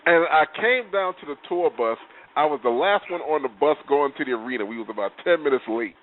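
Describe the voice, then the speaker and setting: Guy host on a call-in radio show, high voice, tinny phone line, faint hiss. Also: brisk. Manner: animated storyteller, stammering restarts. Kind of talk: casual chat and storytelling.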